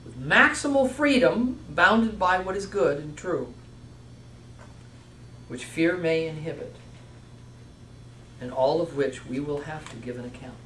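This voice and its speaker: A man's voice: on the high side, expressive, unhurried, long pauses, pushed and bright, a little hiss or hum. A man giving a sermon-style lecture on vocation, stressing points through repeated lists and restarting his phrases. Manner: repetitive, emphatic listing with self-restarts. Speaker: teacher speaking on Christian vocation. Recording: echoey room, voice from far off.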